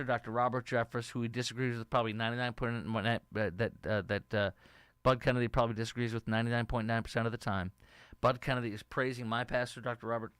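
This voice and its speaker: Man, middle-aged, political talk host, opinionated and rambling, smooth voice, dry close sound. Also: medium pitch, a bit bright, no echo. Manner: opinionated, rambling, reads viewer comments aloud. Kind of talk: casual political commentary.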